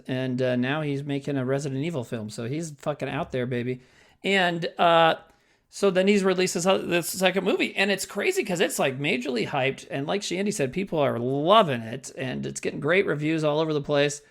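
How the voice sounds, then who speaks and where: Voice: mid-range voice, fairly quick, creaky. A podcast co-host in casual movie chat, rambling and profane with lots of fillers and jokes.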